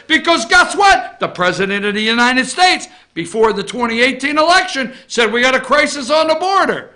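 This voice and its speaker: A man ranting, high and bright. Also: expressive, normal speed, hardly any pauses. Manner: swings between loud outraged shouting and low muttering asides. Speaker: host of a morning opinion show. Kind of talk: ranting political commentary.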